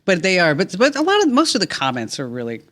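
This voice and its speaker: A woman hosting a podcast, chatty and quick to laugh in casual talk. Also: lowish voice, wildly swooping pitch, a bit bright. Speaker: podcast host. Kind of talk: casual chat.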